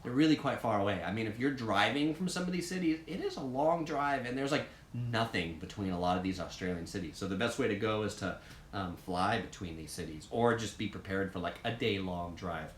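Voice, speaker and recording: A man's voice: on the low side, lively intonation, a little fast, echoey room, slight background noise. An American man hosting a casual live chat and answering viewer comments, rambling along with lots of ums, uhs and likes. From United States.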